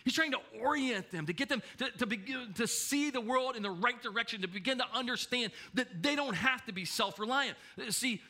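A man preaching a sermon, animated and emphatic, often repeating his points. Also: very high-pitched, brisk, few pauses. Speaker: pastor.

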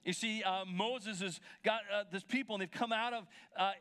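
Male pastor, bright and high-pitched, conversational sermon delivery that keeps checking in with the congregation. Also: steady tone, a little fast, clear, resonant tone. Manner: conversational retelling, checking in with listeners.

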